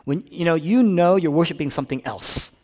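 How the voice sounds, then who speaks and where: A man preaching a sermon as a pastor, swinging between loud, emphatic passages and hushed, whispered ones. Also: a little high, a little fast, in a large hall.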